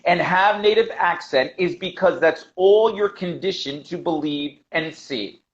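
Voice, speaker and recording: A man's voice: a little high, measured pace. An American man, an English teacher being interviewed, talking passionately and emphatically, repeating his key points and calling the host brother. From United States. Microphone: video call. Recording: dull lo-fi video call audio.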